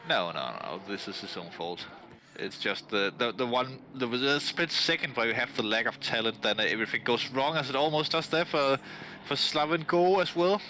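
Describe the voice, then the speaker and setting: Bright-voiced sim racing commentator man. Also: mid-range voice, slight background noise, poor audio. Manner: analytical, halting with fillers and restarts. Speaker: race commentator.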